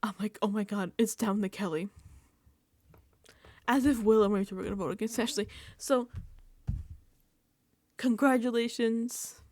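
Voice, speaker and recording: This is a medium-pitched woman talking unhurriedly, with long pauses, as she hosts a casual reality TV recap. She animatedly acts out her reactions and quotes into a desk microphone, and there's no room sound.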